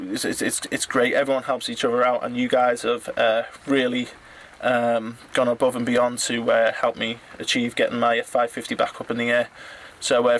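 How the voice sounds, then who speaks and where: Middle-aged guy from england, monotone, lots of uhs and ums, trips over names thanking viewers. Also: mid-range voice. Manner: halting, many fillers, stumbles over names. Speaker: drone hobbyist vlogger. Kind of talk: casual thank-you message to viewers.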